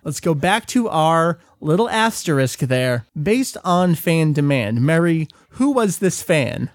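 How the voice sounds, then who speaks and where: Podcast host, man, fairly high voice, dry close recording, reads the news and leads the chat. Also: no room sound. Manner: leads the talk, reads dates and news at length. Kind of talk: casual chat, reading a press release.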